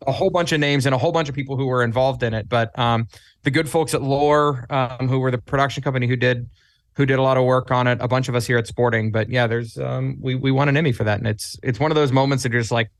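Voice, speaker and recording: A man's voice: medium pitch, steady tone, quick pace, no echo, clean studio sound. A man talking as a guest on a podcast in casual chat, animatedly telling stories and acting out his own quotes. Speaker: podcast guest, club staffer.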